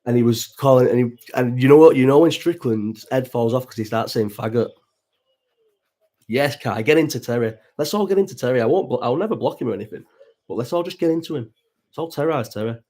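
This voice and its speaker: This livestream host is a man in his thirties from Bolton, England, with a Northern English Bolton accent. His medium-pitched voice is warm and expressive, moving at a quick pace as he rambles casually through a watch-along stream, swears freely and responds to chat.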